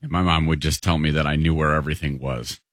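A male co-host with a very low voice, chatting casually on the radio with dry jokes. His voice is close and dry. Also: fairly even intonation, fast talker, a bit bright, no room sound.

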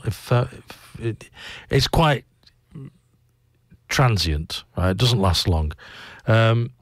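An English man hosting a breakfast radio show in a studio, talking in a rambling, halting way full of ums and restarts. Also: lowish voice, no room sound. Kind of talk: casual on-air monologue. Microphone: studio microphone.

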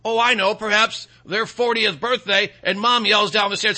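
With fairly even intonation and normal speed, a sarcastic middle-aged man holds forth on politics in a high, very bright, sharp voice that crackles gravelly. He rambles on, leaning on fillers and mocking side remarks.

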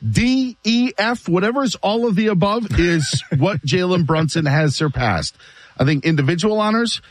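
A man hosting a sports radio show, telling stories in an animated, chatty way and laughing often. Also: high voice, moderate pace. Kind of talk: casual sports talk.

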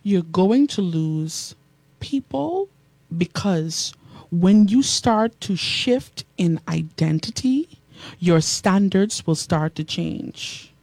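A woman preaching to a live and radio audience, repeating lines call-and-response style, reading out viewer comments and swinging from hushed asides to high exclamations. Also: animated, slow, gravelly, dry recording.

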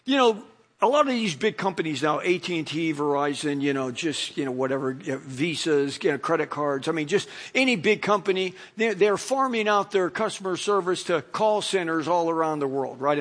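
A man's voice: sits high, a bit bright. A middle-aged man, a pastor, preaching a conversational sermon full of stories and fillers. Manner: conversational, storytelling, many fillers.

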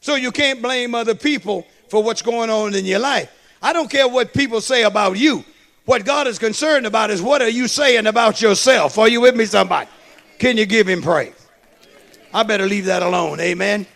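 High-voiced male preacher, very high pitch. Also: animated, normal speed, gravelly, fairly bright tone. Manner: call-and-response preaching, repeats phrases for emphasis. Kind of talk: sermon.

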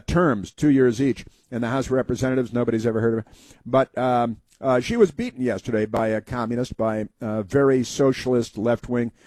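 A man's voice: medium pitch, darkish tone, no echo. A man hosting a talk show, telling rambling folksy stories and giving opinionated commentary.

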